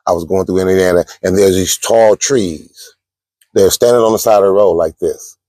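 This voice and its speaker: Low-voiced trucker chatting. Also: male voice, fairly even intonation, moderate pace, warm tone, no echo. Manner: chatty, storytelling, addresses viewers as y'all. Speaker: truck driver. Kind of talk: casual vlog advice. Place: parked truck at a truck stop.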